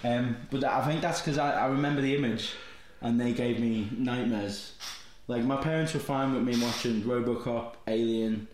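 A man's voice: medium pitch, fairly even intonation, moderate pace, hardly any pauses, darkish tone, slight background noise. A man hosting a movie podcast, casual and jokey, laughing often. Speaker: podcast host. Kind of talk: casual comedic chat. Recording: roomy echo.

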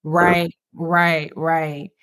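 A woman from California hosts a casual podcast in a lowish voice. She talks reflectively, leaning on "you know," and speaks straight to her listeners. The sound is dry and close. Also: flat delivery, extremely slow, a bit bright, no room sound. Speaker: podcast host. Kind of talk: casual conversation on mental health.

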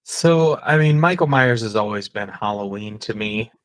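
A man talking as a guest in a casual podcast chat, relaxed and easygoing. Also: fairly low pitch, moderate pace.

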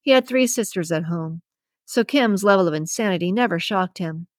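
A woman reading a romance novel aloud as audiobook narrator, in an even, measured storytelling manner. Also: lowish voice, no echo, clean studio sound. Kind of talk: scripted narration.

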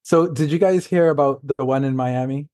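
A man from New York City, a guest author, telling stories in a halting, loose, casual way. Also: mid-range voice, darkish tone, dry recording. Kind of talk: casual conversation.

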